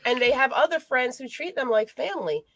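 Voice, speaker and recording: A woman life coach chats on a podcast, her voice sitting high. She tells stories expressively and motivationally, recorded dry with no room sound. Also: lively intonation, fairly quick, a bit bright, no echo. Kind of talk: casual podcast chat.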